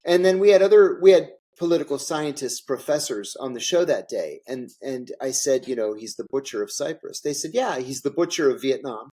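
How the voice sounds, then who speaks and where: A man's voice: medium pitch, lively intonation, a little fast, hardly any pauses, dark tone. A man being interviewed, telling stories in a candid, emphatic way and repeating phrases for effect. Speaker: interview guest, former intelligence officer. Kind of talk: candid conversational storytelling.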